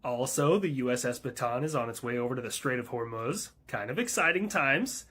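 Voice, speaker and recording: A man's voice: mid-range voice, lively intonation, fairly quick, sharp tone, slightly rough. A man narrating a comedy skit with wry, crude asides. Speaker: comedy YouTuber.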